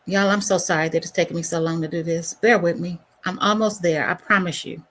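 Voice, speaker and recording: A woman's voice: on the low side, fairly even intonation, fairly quick, a little hiss or hum. A woman hosting her own livestream, talking casually to viewers and sometimes muttering to herself as she works through her settings. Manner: chatty, warm asides, mutters to herself while fiddling with settings. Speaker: livestream host.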